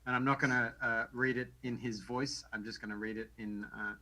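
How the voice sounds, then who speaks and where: A man co-hosting a casual podcast, talking in halting bursts with many restarts and easy laughs. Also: medium pitch, steady tone, pushed and bright, rough recording. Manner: halting, full of ums and restarts, laughs easily. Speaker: podcast co-host. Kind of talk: casual chat.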